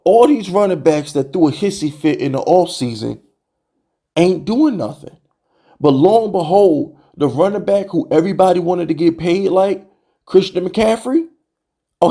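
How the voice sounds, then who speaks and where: In a high voice at normal speed, a fired-up man vents about his team on his sports fan channel, speaking straight to camera. He's animated and exasperated, peppering the rant with "bro" and rhetorical questions.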